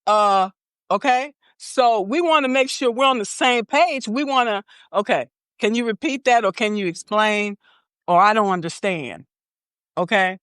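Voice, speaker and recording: A woman hosts a podcast interview in a casual, unhurried way, her mid-range voice slightly bright and clean, recorded at studio quality with no room sound. As she explains things, she keeps checking in with her guest by peppering her talk with "okay?"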